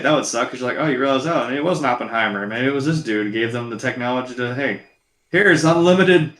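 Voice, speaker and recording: A man's voice: medium pitch, roomy sound. A man co-hosting a podcast, swearing freely and acting out his own reactions while he reviews a movie. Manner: profane, animated, acts out his reactions in quotes. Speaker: podcast co-host. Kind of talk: casual movie review chat.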